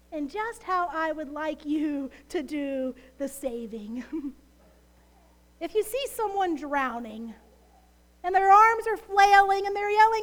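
Woman pastor, very high voice, measured unhurried sermon delivery, acts out prayers, sinks to whispers; church hall reverb. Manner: animated, acting out quoted prayers, dropping to hushed whispers. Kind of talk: Palm Sunday sermon.

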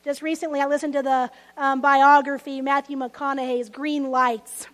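A woman pastor preaching a lively sermon, telling stories with laughs and dropping to hushed asides. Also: sits high, moderate pace, in a large hall.

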